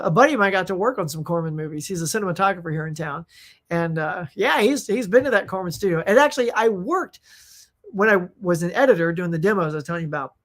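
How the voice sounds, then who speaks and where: A middle-aged woman hosting a casual live Q&A, telling rambling, animated stories with many fillers while losing her voice. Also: on the low side. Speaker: host.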